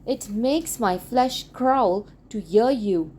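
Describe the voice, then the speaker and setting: A woman's voice: fairly high pitch, lively intonation, slow, warm tone, breathy edge, exaggerated voice. A woman voicing an anxious younger brother who urgently fusses over his sick sibling. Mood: worried. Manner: urgent, worried.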